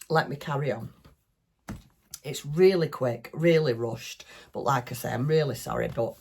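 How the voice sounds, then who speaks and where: Middle-aged Northern English woman, craft vlogger, low and husky, rambling self-deprecating chat. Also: a little mellow. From northwest England.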